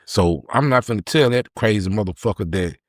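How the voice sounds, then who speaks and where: This middle-aged podcast guest tells his story in an interview, animatedly retelling it and acting out the voices of the people involved. He speaks briskly in a fairly low pitch, and the studio recording is clean with no echo.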